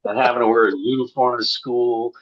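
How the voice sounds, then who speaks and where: A man's voice: mid-range voice, fairly even intonation, fairly quick, fairly bright tone, lo-fi sound. A man from St. Louis, a comedian guest on a podcast, telling profane stories with punchy asides. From St. Louis, USA. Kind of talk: casual podcast chat.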